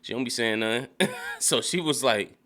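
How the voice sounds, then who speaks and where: A man casually recapping a TV episode, animated and profane, laughing often and mimicking characters in a high voice. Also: normal speed. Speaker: TV recap reviewer. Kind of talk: casual spoken show recap. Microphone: studio dynamic mic.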